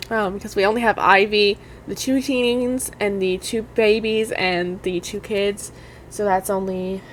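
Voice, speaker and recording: A young woman giving casual, excitable commentary over a life-sim game, talking straight to her viewers and gushing nervously. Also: on the high side, a little hiss or hum. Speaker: gaming YouTuber.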